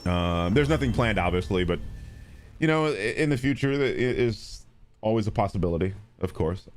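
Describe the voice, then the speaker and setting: A man streaming live, chatting casually and responding to viewers, animated and blunt, with frequent swearing. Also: normal speed, soft background music. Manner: animated, swings between loud and low, swears freely.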